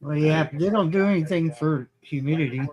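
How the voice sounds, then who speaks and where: A man's voice: on the high side, brisk, darkish tone, poor audio. A man chatting casually as a guest on a stream, giving short, plain, agreeing replies. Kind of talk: casual chat.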